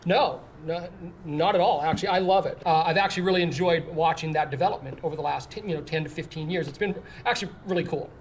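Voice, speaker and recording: A man's voice: fairly high pitch, quick pace, few pauses. Hesitant man on a game show. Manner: hesitant, with false starts.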